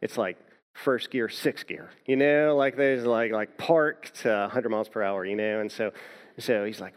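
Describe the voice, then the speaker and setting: A man's voice: on the low side, normal speed. A man pastor preaching a sermon, telling a personal story and often repeating words as he starts a thought.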